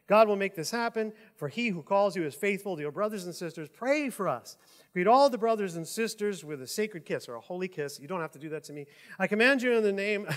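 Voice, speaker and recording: A man's voice: sits high, fairly bright tone. A male pastor preaching a sermon in church, conversational and joking, with asides to the congregation.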